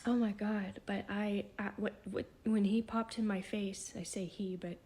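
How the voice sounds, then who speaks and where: Woman, psychic vlogger, emotional and tearful, halting breathy delivery, mid-pitched. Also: flat delivery, mellow. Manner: shaky, halting, half-whispered. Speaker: self-described psychic. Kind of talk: emotional spiritual vlog.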